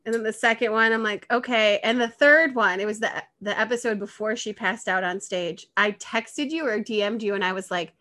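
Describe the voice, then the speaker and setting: A young woman hosting a casual podcast chat, giggly and lively as she tells stories. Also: mid-range voice, brisk, hardly any pauses. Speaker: podcast host.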